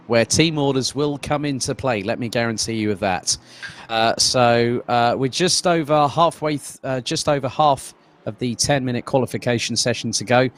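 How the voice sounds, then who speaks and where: A man's voice: mid-range voice, moderate pace. Man commentating a sim race. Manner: conversational, fillers and restarts, reads out viewer comments. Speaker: lead commentator.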